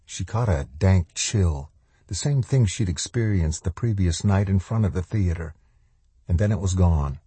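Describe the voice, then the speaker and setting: A man reads a horror novel in a slow, measured, grave voice. His tone is deep and dark with a husky grain. It is recorded close on the mic in a dry, quiet space. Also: no echo. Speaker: audiobook narrator. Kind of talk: scripted horror narration.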